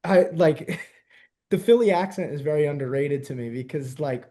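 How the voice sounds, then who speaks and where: A young man from the New Jersey–New York area, hosting a podcast in casual, animated chat and laughing often. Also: on the high side, moderate pace. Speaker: podcast host.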